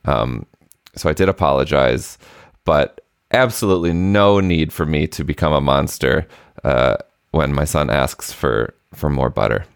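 A man's voice: rumbling low, unhurried, vocal fry, clear, resonant tone, no echo, clean studio sound. A man co-hosting a parenting podcast, telling a story in an earnest, self-deprecating way. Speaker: podcast co-host. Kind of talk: casual chat.

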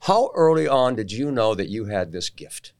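Male talk show host, very lively pitch, affirming, chatty. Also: moderate pace. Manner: affirming, frequent encouraging interjections. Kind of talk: interview conversation.

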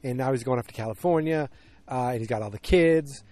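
A man's voice: mid-range voice, brisk, a little mellow. Rambling man recapping a TV episode. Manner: rambling, filler-heavy, opinionated asides.

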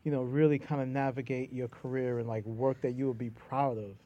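New York man with a mellow voice. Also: medium pitch, brisk, dull audio. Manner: animated storyteller, drops into quoted voices and laughs. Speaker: comedian and playwright guest. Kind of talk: casual conversation.

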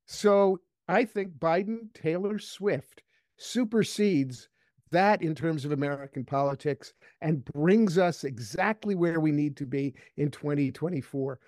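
A man's voice: on the high side, measured pace, darkish tone, dry recording, clean studio sound. A man on a political panel who tells playful anecdotes. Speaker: political commentator.

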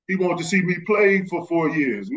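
A man from Texas, a former basketball player, telling animated stories as a podcast guest and acting out the people he quotes. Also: high-pitched, normal speed. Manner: animated, acts out quoted voices. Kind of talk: casual storytelling. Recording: slightly muffled lo-fi audio.

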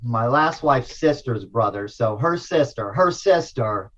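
A man as an interview guest, telling a personal story in a casual, animated way, full of slang and restarts. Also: mid-range voice, unhurried, lo-fi sound.

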